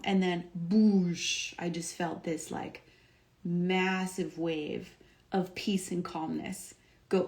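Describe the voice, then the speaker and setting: A young woman talks on a livestream, upbeat and emphatic. Her voice sits in the middle of the usual range for a woman. She leans on "like" and "um" as she goes. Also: medium pitch. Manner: upbeat and emphatic, filler-heavy with frequent "like" and "um". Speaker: doctor and wellness coach. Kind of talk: casual motivational talk on a livestream.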